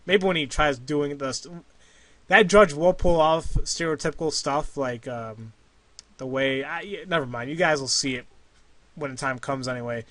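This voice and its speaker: A man's voice: fairly high pitch, normal speed, fairly bright tone, no echo. A man hosting a let's play, chatting casually and rambling with self-corrections. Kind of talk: casual game commentary.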